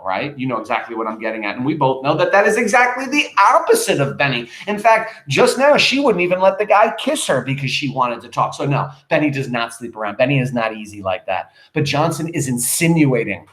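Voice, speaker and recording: A male teacher reading a play aloud and breaking it down for students, emphatic and animated, full of rhetorical questions. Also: mid-range voice, roomy sound, rough recording.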